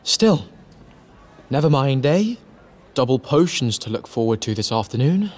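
Narrator doing a glum teen wizard boy, kinda husky, a bit higher and lively, dry humor. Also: measured pace. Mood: wry. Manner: dark and wry. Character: glum teenage schoolboy wizard. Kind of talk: audiobook reading.

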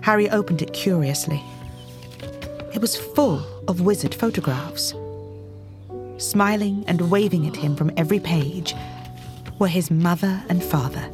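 Low-voiced woman narrating a drama. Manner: measured storybook reading. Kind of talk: scripted narration. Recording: clear music underneath.

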